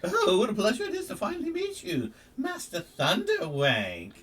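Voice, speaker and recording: Man playing a gushing game officer, falsetto, sing-song, exaggerated. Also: huge pitch swings, normal speed, a bit bright, husky, far from the mic, heavily acted.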